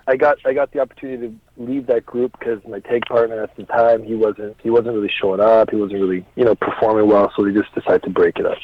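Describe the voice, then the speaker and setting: A man in his thirties, a pro wrestler guest on a podcast, telling stories in a relaxed way, chuckling often and swearing casually. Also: fairly low pitch, slight background noise. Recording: dry, slightly dull podcast audio.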